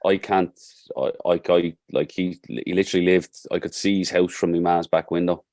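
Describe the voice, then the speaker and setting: A man's voice: sits low, level tone, normal speed, a little mellow, no echo, studio quality. A man with a Dublin accent, a football coach talking as a podcast guest and telling stories in an earnest, heartfelt way. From Ireland. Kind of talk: casual podcast conversation.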